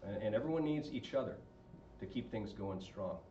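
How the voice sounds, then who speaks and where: A man's voice: lowish voice, animated, moderate pace, dark tone, slight background noise. A man talking informally to a group about marriage, asking the audience questions as he goes. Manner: conversational, asks the audience questions. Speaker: speaker on marriage and relationships. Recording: echoey room, far from mic, dull sound.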